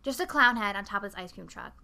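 Bright animated young woman podcaster. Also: mid-range voice, quick pace, creaky, smooth. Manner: rambling, animated, profane, acts out quotes. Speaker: podcast co-host. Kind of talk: casual chat recapping a film.

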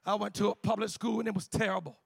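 A male preacher, delivering a sermon in a chanted, shouting cadence with an "uh" before each phrase, at times dropping to quiet storytelling. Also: sits high, fairly even intonation, fast, creaky, breathy edge.

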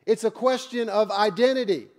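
A man's voice: high-pitched, moderate pace. A man preaching as a pastor in a church, conversational and joking, with blunt asides to the congregation. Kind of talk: sermon.

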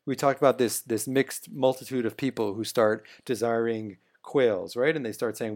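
A man's voice: medium pitch, moderate pace, hardly any pauses, a little mellow. A man co-hosting a conversational Torah study podcast, explaining verses and putting questions to his co-host.

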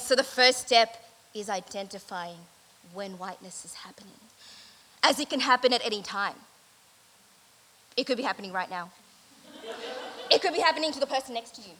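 A woman with a high voice delivers a deadpan, mock-earnest lecture, hedging with fillers. Her tone is bright and sharp as she speaks to an event crowd. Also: poor audio.

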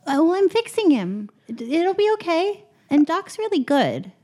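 Player voicing a naive, sweet young medic, high and earnest. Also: female voice, very animated, a little slow, warm tone, full character voice.

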